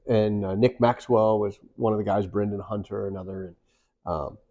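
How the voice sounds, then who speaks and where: A man's voice: lowish voice, fairly even intonation, moderate pace, mellow. A man co-hosting a casual podcast, telling long anecdotes in a chatty way and laughing often. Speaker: podcast co-host, mortgage lender.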